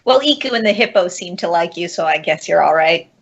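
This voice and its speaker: A woman's voice: lowish voice, expressive, brisk, gravelly, muffled recording. A woman playing a tabletop game, talking in a dry, matter-of-fact way. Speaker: player. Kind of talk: tabletop role-play.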